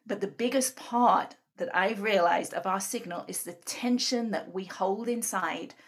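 A woman's voice: mid-range voice, a little slow. A woman guest explaining her ideas in an interview, talking earnestly and often checking in with "right?". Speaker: guest speaker on emotional tapping.

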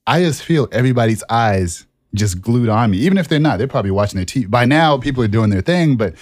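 A man co-hosting a podcast, telling a personal story in a relaxed, animated way and laughing at himself as he goes. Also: mid-range voice, fast talker, no echo, studio quality. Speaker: podcast co-host. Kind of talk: casual storytelling chat.

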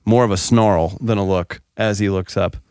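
A man's voice: lowish voice, normal speed, smooth, no echo, studio quality. An American man hosting a casual chat, telling stories and acting out the people in them. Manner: animated storyteller, acts out voices.

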